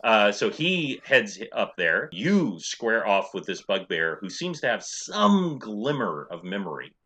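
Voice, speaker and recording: Deep-voiced, bright game master man. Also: unhurried, husky. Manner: descriptive, relaxed with frequent fillers. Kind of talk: narrating a tabletop game.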